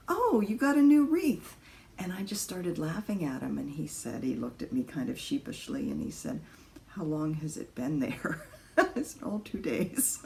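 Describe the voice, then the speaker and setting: A woman's voice: extremely low pitch, darkish tone, a little hiss or hum. A woman chatting casually to camera from her apartment about her crafts, rambling with lots of ums and little laughs. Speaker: cross stitch vlogger. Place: home in an apartment.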